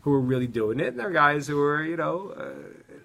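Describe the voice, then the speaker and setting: A middle-aged man leads a relaxed Torah class, his voice fairly high and gravelly with a slightly husky edge. He swoops up and down in pitch as he tells stories, often restarting his sentences and breaking into animated asides. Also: fairly quick. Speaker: Torah teacher.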